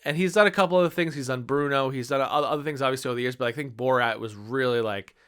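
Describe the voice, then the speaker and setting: A man's voice: medium pitch, fast talker, fairly bright tone, clean tone. A man in his thirties giving a casual, enthusiastic movie review, rambling with many fillers. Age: 30s.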